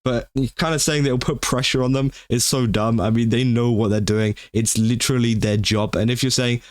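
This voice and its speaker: A man's voice: mid-range voice, steady tone, normal speed, few pauses, no room sound. A man giving casual gaming-news commentary, rambling with lots of fillers and exasperated outbursts.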